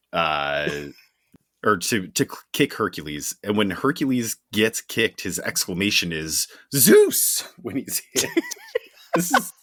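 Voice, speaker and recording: A man's voice: sits low, bright, forceful tone, no echo, studio quality. A tired, sardonic man co-hosting a comic book podcast, exasperated and laughing as he complains. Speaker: podcast co-host.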